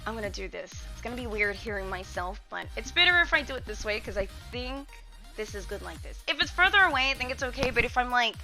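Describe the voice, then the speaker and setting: A young woman chats playfully with her stream audience, her voice bright and a touch high. She talks into a desk mic in a room with a little echo, and faint music plays underneath. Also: expressive, fast. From Australia. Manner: chatty, playful, reading and answering chat. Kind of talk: casual live-stream chat. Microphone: desk mic, testing distances.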